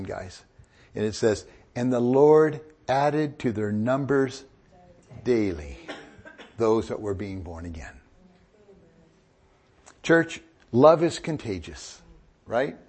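A man's voice: medium pitch, lively intonation, slow, long pauses, a little mellow, breathy edge. A middle-aged male pastor preaching a sermon, joking with the congregation and rising into emphatic bursts.

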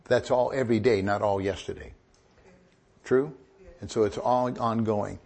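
Animated husky-voiced male preacher. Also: lowish voice, normal speed, long pauses. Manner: animated, joking preacher with rising emphatic bursts. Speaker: pastor. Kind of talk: sermon.

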